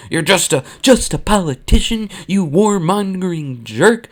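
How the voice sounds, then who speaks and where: A man's voice: high-pitched, lively intonation, normal speed, voice pushed up. A man voicing an elderly, stern male fish-alien admiral, protesting in a raised, exasperated way.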